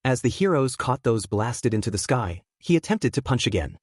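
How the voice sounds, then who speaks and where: A man reading fan fiction aloud as a narrator, with lively storytelling intonation. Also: mid-range voice, moderate pace, husky, no room sound, clean studio sound.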